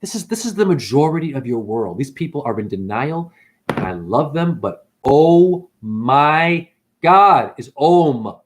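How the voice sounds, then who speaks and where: With big swings in pitch and a mellow tone, a man hosting a livestream speaks at an ordinary pace about spiritual matters in casual slang. He jumps into high, mocking voices to quote people.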